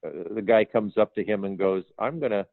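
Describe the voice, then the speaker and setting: A man's voice: sits low, normal speed, dry recording. Older man telling stories over a tinny line. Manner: animated anecdotes, acts out quoted dialogue. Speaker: guest, film production designer. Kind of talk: storytelling interview. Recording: tinny phone line, dry.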